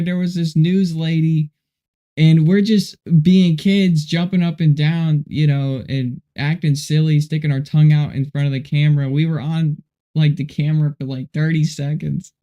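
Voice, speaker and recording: A man's voice: fairly high pitch, fairly even intonation, moderate pace, mellow. A man hosting a casual livestream while coding, rambling and laid-back, often saying "dude" and "you know". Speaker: livestream host.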